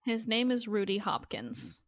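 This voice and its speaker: A woman of middle pitch co-hosting a podcast, walking through a TV episode scene by scene. She tells the plot in steady narrative runs and drops casual swearing throughout. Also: a little slow, no echo, clean studio sound. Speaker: podcast co-host. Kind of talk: casual chat recapping a TV episode.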